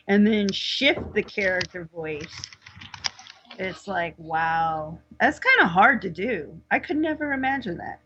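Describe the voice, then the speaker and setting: A woman's voice: medium pitch, fairly bright tone, muffled recording. A woman hosting a casual podcast chat, playful and teasing as she leads the group. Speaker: podcast host.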